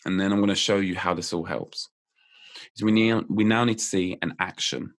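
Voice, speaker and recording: A man appearing as a podcast guest and memory coach. He explains memory techniques in casual chat, lively and playful, laughing often as he goes. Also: low-pitched, normal speed.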